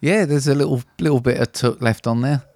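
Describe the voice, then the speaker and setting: A man's voice: mid-range voice, a little fast, creaky, a little mellow. A man co-hosting a podcast, running a quiz in a playful, teasing manner. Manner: playful, teasing, keeps saying "mate". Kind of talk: casual chat.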